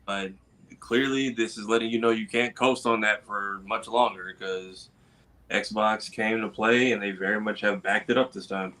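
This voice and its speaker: Low, forceful man on a gaming podcast. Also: fairly even intonation. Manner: measured, earnest, many fillers. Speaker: podcast co-host. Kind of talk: casual gaming podcast chat.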